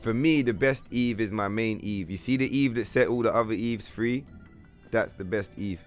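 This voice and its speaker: A man's voice: fairly low pitch, moderate pace, faint music behind. A man from London with a London accent, chatting bluntly and profanely as he streams a game, with trollish banter. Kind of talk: casual livestream chat.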